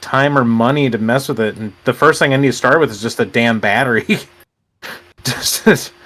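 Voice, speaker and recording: A man's voice: mid-range voice, moderate pace, fairly bright tone. A young man from Illinois rambling through a casual gaming chat, hesitating with lots of fillers. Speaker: gamer host.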